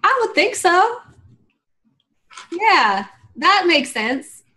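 A woman's voice: extremely high pitch, very animated, very slow, bright, forceful tone. A woman playing in a tabletop game, chatty and hesitant, full of fillers. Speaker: player. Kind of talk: casual in-character play.

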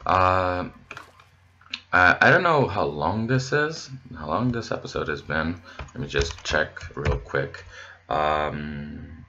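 A man giving casual, rambling gameplay commentary as host of his channel, easily excited and chatting to his viewers. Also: sits low, lo-fi sound.

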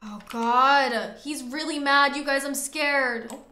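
A woman's voice: sits high, slow pace, few pauses, bright, forceful tone, roomy sound. A woman hosting a gaming video, reacting dramatically as she comments on her game. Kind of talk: casual gameplay commentary.

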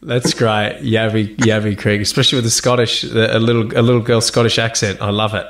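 An Australian man, a guest actor and musician, chatting casually in an interview, telling lively stories, laughing and swearing freely. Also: lowish voice, a little fast. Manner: animated storyteller, laughs often, swears casually.

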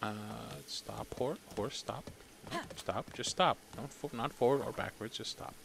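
A man commentating a live game stream, animated and chatty, talking to his in-game horse with sudden loud outbursts. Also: medium pitch, a little slow, gravelly, a little hiss or hum. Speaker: gaming streamer. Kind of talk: live let's-play commentary.

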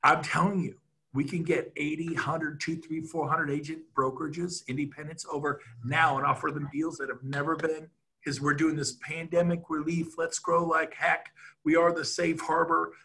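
Middle-aged man, punchy and bright, a little husky, rambling excitable pitch on a video call. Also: normal speed. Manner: excitable, rambling, laughs at himself. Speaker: real estate team leader.

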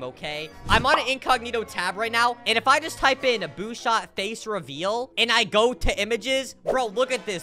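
A man giving let's-play gaming commentary, excitable, yelping and shouting at the game and then mumbling. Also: high-pitched. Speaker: gaming YouTuber. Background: background music.

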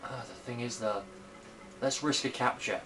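A man's voice: medium pitch, fairly even intonation, normal speed, over music. A young man casually commenting on his own gameplay at home, chatty and blunt, swearing freely and talking back to the game. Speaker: gamer. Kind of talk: casual let's-play commentary. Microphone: camera filming the screen.

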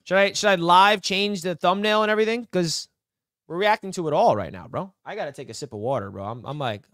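Young male streamer, high voice, dry close sound, hyped and rambling to his chat. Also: expressive, brisk, fairly bright tone, dry recording. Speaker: live stream host. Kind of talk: excited live-stream sports reaction.

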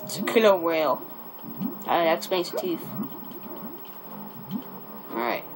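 A man's voice: a little high, animated, low-quality recording. A young man giving casual, rambling commentary as he plays a video game, repeating himself and cursing mildly when things go wrong. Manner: chatty, rambling, restarts often, quick mild cursing. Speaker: let's play gamer. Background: game music.

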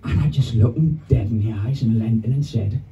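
A male stand-up comedian, telling a story on a club stage with a punchy, animated delivery. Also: medium pitch, fairly quick, muffled recording. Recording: distant live club sound with audience.

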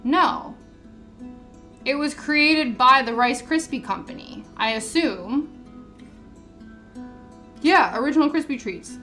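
A woman's voice: sits high, expressive, takes it slowly, long pauses. Sarcastic woman griping at a recipe list. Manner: sarcastic, indignant running commentary. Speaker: vlogger. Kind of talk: casual chat while reading a recipe list. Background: soft background music.

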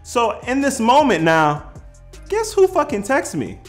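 A man telling a funny personal story in casual slang, animated and prone to shouting out the lines he quotes. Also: very high voice, measured pace, soft background music. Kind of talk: comedic storytelling.

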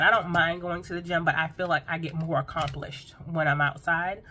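A woman vlogging in a chatty, animated way, full of quick asides to her viewers. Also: on the low side, slight background noise. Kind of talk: casual vlog chat.

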